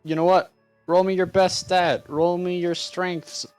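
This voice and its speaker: A fairly high-voiced man runs a tabletop game. He narrates with a playful, laughing manner over faint background music. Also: flat delivery, a little slow, darkish tone, smooth. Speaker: game master.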